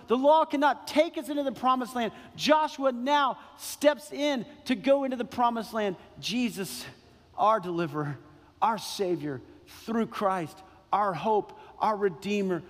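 A man preaching in a high, ringing voice, building his points through repeated phrases and long pauses. His sermon carries the long reverb of a large church sanctuary. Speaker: pastor.

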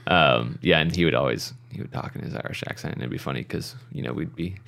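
A man's voice: a bass voice, fast, creaky, fairly bright tone. A man co-hosting a podcast, laid-back and easily amused in casual chat. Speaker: podcast co-host.

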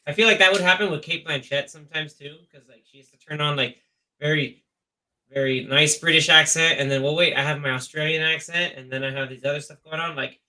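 Bright, chatty podcast co-host man. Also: fairly high pitch, a little fast. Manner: chatty, lively, leads the talk. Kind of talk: casual chat about film awards.

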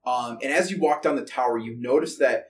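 A man's voice: medium pitch, fairly quick. A man narrating as game master of a tabletop game, rambling with many fillers and restarts. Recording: distant mic, faint background noise.

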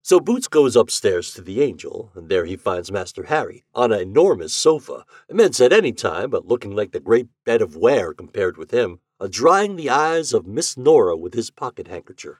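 A man's voice: fairly low pitch, sing-song, moderate pace, hardly any pauses, no room sound, studio quality. A man narrating a classic story aloud as a podcast reader, telling it expressively. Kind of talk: reading classic fiction aloud.

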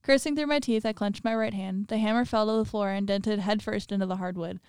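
Very clear-voiced woman reading horror aloud. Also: medium pitch, steady tone, a little fast, a little mellow, no room sound, clean studio sound. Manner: laughs often, chatty asides with lots of "like". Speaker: story reader. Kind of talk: reading a horror story aloud with casual commentary.

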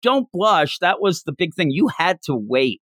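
A man's voice: high-pitched, very animated, normal speed, fairly bright tone, no echo, studio quality. A man co-hosting a casual chat, animatedly retelling scenes and acting out the lines. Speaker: podcast co-host. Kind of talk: casual chat about a manga chapter.

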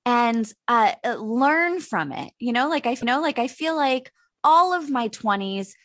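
Lively, laughing American woman host. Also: on the high side, a little slow, no room sound, clean studio sound. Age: 30s. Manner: casual, swears, laughs a lot. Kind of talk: casual chat.

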